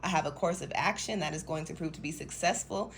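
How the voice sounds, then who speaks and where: A woman's voice: low voice, fast talker, vocal fry, slight background noise. A young woman from Denver giving a chatty, rambling tarot reading, laughing often. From Denver, Colorado. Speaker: tarot reader. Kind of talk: casual tarot reading monologue.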